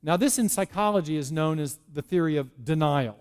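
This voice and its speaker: A man's voice: a little high, a little fast, a little mellow, smooth. A man giving a public lecture, explaining step by step with frequent restarts and repeated words.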